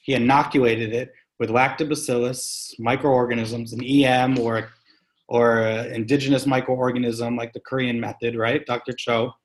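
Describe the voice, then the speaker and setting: A man talking as an interview guest about farming, telling an animated story with emphatic, punchy delivery and casual swearing. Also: medium pitch, moderate pace. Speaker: guest, sustainable farming practitioner. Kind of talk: conversational storytelling.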